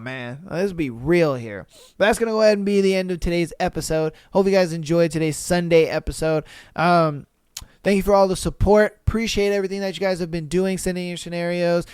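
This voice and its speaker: A young man hosting a podcast, casually reading out listener posts and reacting with profane, animated commentary and laughter. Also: a little high, clean tone, dry recording, studio quality. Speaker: podcast host.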